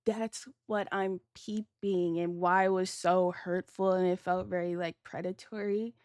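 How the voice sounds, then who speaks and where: A woman's voice: level tone, measured pace, clear, resonant tone, dry recording, clean studio sound. A young adult woman telling a story on a livestream in casual, slangy talk full of "like," acting out quoted lines. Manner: chatty, slangy and profane, heavy use of "like"; acts out quoted lines with big jumps in pitch and loudness. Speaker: streamer. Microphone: streaming setup.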